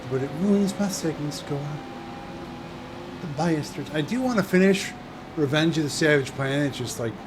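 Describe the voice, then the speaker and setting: A man's voice: a little high, lively intonation, moderate pace. A man hosting a gaming channel, chatting casually and rambling with self-interruptions while he plays. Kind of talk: casual let's-play commentary. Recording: game audio and engine noise underneath. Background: race car engine sounds.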